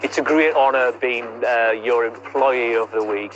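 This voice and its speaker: A man who works as a voice-over narrator, talking about his job in a measured, deadpan way. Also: medium pitch, dull audio. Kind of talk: mock-documentary interview and chat.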